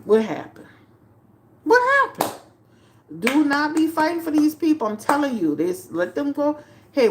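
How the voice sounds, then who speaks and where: A woman tarot reader chatting on a livestream to her viewers, animated and repetitive, full of fillers and restarts. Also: medium pitch, a little hiss or hum. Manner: animated, talks straight to chat, repeats herself with many fillers. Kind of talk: casual livestream commentary.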